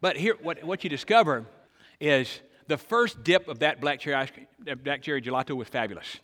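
An older man preaching a sermon, asking the congregation questions and swinging between loud emphasis and soft, hushed lines. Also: fairly high pitch, animated, brisk. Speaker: pastor. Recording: long hall reverb.

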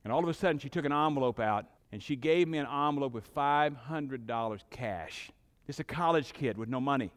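A middle-aged man preaching a sermon as pastor, emphatic, with dramatic pauses and swelling intensity, in a church sanctuary. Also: mid-range voice. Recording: long hall reverb.

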